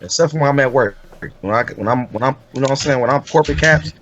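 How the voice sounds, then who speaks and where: A man's voice: medium pitch, quick pace, a bit bright, muffled recording, slight background noise. A man co-hosting a talk show, speaking in laid-back street slang and repeatedly saying "you know what I'm saying.". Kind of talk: casual talk show chat.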